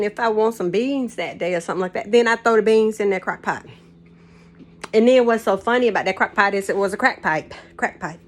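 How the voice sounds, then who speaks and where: In her home kitchen, an older woman vlogger tells casual stories to the camera in a mid-range, fairly bright voice. She rambles, laughs often, and uses folksy Southern turns of phrase.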